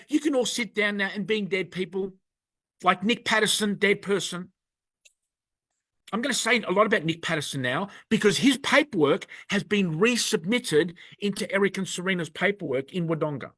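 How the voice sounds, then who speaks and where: A man's voice: high voice, a bit bright, no echo. An angry man delivering a rambling, emphatic monologue to camera. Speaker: video presenter.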